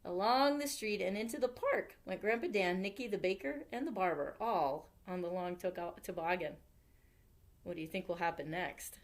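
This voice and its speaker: A woman, a youth services librarian, reading a picture book aloud at storytime with expressive delivery. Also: on the low side, normal speed.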